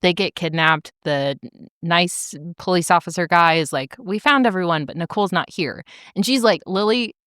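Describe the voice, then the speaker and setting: A woman's voice: lowish voice, moderate pace, clean tone, no room sound, studio quality. A young woman co-hosting a podcast, recapping a novel in casual chat and acting out the characters' lines with lots of laughter. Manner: animated, acts out characters' lines, laughs often. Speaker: podcast co-host.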